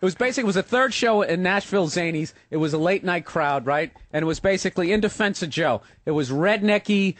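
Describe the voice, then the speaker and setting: Loud profane comedian telling a story. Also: male voice, sits high, animated, fast, few pauses, no echo. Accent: Boston. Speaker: guest co-host, comedian. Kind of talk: animated storytelling on radio.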